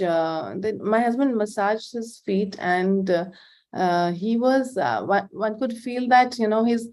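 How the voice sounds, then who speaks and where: A woman's voice: mid-range voice, dark tone. A middle-aged woman from India shares a personal testimony in a heartfelt, hesitant way. She stops often and fills the gaps with ums and uhs. Her voice sits in the middle of the usual range for a woman. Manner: hesitant, many fillers, heartfelt. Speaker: devotee giving a talk.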